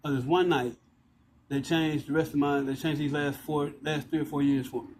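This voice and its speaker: A man's voice: on the high side, little pitch movement, normal speed, a little mellow, a little hiss or hum, poor audio. A man ranting into his phone outdoors, agitated, profane and repetitive. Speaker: vlogger ranting to camera. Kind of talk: rambling outdoor rant. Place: outdoors by walls and concrete.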